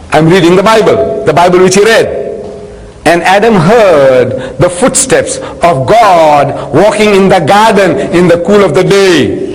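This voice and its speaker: An older man giving a lecture to an audience, an animated storyteller who acts out scenes and fires rhetorical questions at his listeners. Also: sits high, in a large hall, rough recording. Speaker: public speaker on religion.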